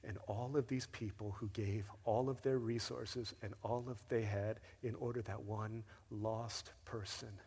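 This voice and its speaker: A pastor telling a family story from the pulpit in an easygoing, conversational manner. His voice sits fairly low and has a husky edge. The sound carries a long reverb from a big church hall. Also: steady tone, a little slow, few pauses, darkish tone. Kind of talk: sermon with personal story. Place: church sanctuary.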